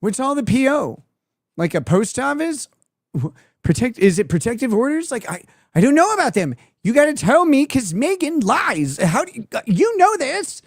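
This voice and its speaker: A woman streamer reacting live, laughing and swearing as she goes. Her pitch swings widely in a sarcastic, teasing way. The sound is dry and close to the mic. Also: very animated, normal speed, no room sound. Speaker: streamer host.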